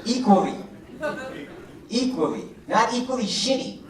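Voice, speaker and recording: A man's voice: extremely high pitch, lively intonation, measured pace, distant mic, very noisy. A male comedian doing crowd work on stage, with brash, profane, teasing banter aimed at the audience. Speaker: stand-up comedian. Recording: roomy club with loud audience laughter. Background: audience laughing.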